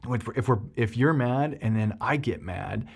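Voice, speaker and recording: A male therapist explains emotions in a relaxed podcast chat. He tells stories with lively rises in his voice and stumbles over restarts and filler words. His voice sits at an ordinary male pitch. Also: normal speed, vocal fry, husky. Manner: animated storyteller, frequent ums and restarts. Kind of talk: explanatory podcast talk with personal anecdote.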